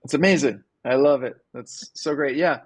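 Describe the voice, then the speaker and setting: Husky man coaching live callers. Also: medium pitch, normal speed, no room sound. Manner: animated storyteller, acts out quoted voices. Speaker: host and business coach. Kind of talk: casual live-call coaching chat.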